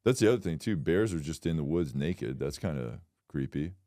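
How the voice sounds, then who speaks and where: Very deep-voiced deadpan man. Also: moderate pace, dry recording, studio quality. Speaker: podcast co-host. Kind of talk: casual comedic chat.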